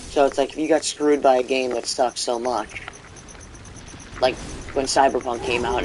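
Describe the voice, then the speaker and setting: A man ranting his way through a let's play, rambling and swearing, tripping over his words with fillers and restarts. His pitch sits in a middling range. Faint crickets chirp behind him. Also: a little hiss or hum. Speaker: gaming channel host.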